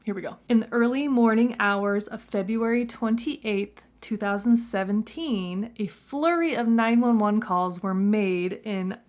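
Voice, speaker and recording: A woman's voice: mid-range voice, a little slow, few pauses, darkish tone. Woman true crime host, casual storyteller, playful and jokey. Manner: playful, chatty, jokey asides.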